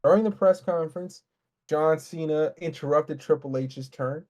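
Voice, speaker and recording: A man co-hosting a casual podcast, ranting in a heated, profane, fast way. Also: a little high, dark tone. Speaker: podcast co-host. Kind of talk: casual wrestling podcast rant.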